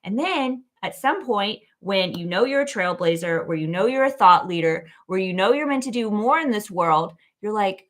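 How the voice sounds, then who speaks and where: A woman hosting her own show, giving a casual, animated motivational talk full of "like" and "okay?". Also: mid-range voice, moderate pace, hardly any pauses. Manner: animated, chatty, lots of "like" and "okay?". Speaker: keynote speaker and show host.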